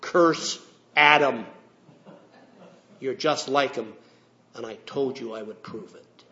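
A man's voice: mid-range voice, steady tone, moderate pace, a bit bright, pitched below the performer's own voice, lightly acted. A man playing a stern, proud landlord in a sermon story, firm and warning. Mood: accusing. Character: stern wealthy male landlord, proud and scheming. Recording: dull lo-fi recording.

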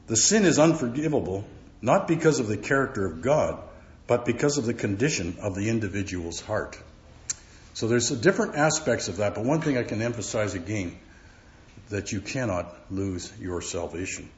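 A man teaching verse by verse from the Bible, halting often with fillers and repeated words. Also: on the low side, animated. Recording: roomy, dull recording.

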